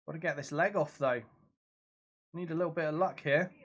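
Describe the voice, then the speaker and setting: A young man with a slightly high-pitched voice plays a video game on a live stream from his home. He talks casually, reacting out loud to every turn and reading his viewers' messages back to them. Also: steady tone, brisk, muffled recording. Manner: chatty, reacts aloud to the game and reads out chat.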